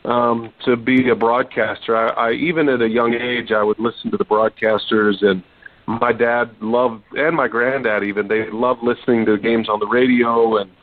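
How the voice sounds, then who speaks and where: A man in his forties from Texas, a sports broadcaster telling his story in a relaxed interview with lots of ums and restarts. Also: mid-range voice, normal speed, dry recording. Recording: dry, tinny phone-line sound.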